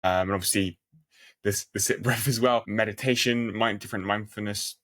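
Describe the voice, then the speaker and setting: A man hosting a podcast, asking questions while thinking out loud with many fillers. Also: on the low side, steady tone, normal speed, dry recording. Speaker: podcast host. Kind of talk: conversational interview.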